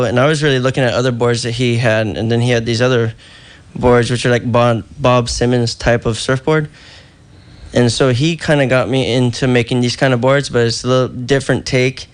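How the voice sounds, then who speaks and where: A middle-aged man, a surfboard shaper, chatting casually as a radio guest and laughing easily. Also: medium pitch. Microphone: phone line.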